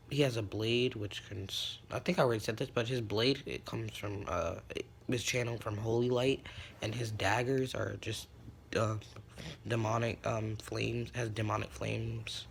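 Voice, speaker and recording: A man spinning an improvised fan story off the cuff, stopping often for ums and restarts. His voice sits on the low side with a gravelly, creaky grain. The talk is loose and unscripted. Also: lively intonation, measured pace, slight background noise. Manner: rambling, full of ums, self-correcting.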